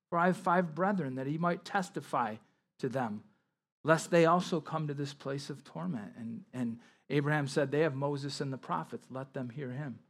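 A man delivering a sermon in a somewhat high voice. He reads scripture passages aloud, then explains them in his own words, pressing hard on key points. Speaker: pastor.

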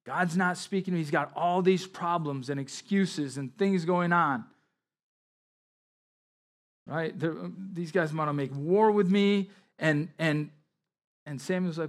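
A man's voice: fairly high pitch, a little slow. Man preaching with emphatic asides. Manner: reads scripture aloud then explains it with emphatic asides. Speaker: pastor. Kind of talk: sermon.

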